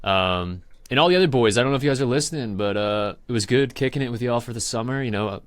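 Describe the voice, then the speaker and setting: A man's voice: medium pitch, fast, clean tone, dry recording. A young man hosting a podcast, telling rambling stories in casual chat, laughing often and acting out other people's lines. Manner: rambling storyteller, laughs often, mimics voices. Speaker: podcast host.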